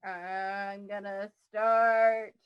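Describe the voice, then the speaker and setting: A woman's voice: medium pitch, flat delivery, very slow, clear, resonant tone, dull audio. A woman playing a tabletop game, chatting and thinking aloud about her character's moves. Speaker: player. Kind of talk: casual tabletop play.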